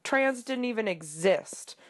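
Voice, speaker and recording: A woman's voice: a little high, lively intonation, slow. A woman co-hosting a podcast in casual chat, a little under the weather, rambling with lots of fillers. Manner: rambling, filler-heavy, laughs often. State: a little sick. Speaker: podcast co-host.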